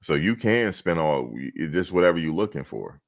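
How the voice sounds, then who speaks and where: A man's voice: low-pitched, very animated, fairly quick. A man chatting casually on a livestream, telling rambling stories and talking straight to his viewers. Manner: rambling, loose storytelling, talks to chat viewers. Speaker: reaction streamer.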